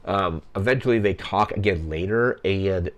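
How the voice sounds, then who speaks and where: Man, young adult, low voice, podcast host, casual rambling film recap, lots of "like". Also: normal speed. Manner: rambling, heavy use of "like" fillers.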